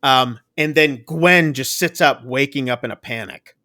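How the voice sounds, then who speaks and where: Bright-voiced man recapping a film. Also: mid-range voice, measured pace, no echo, studio quality. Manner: animated plot retelling with many fillers. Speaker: podcast co-host. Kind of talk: casual film review chat.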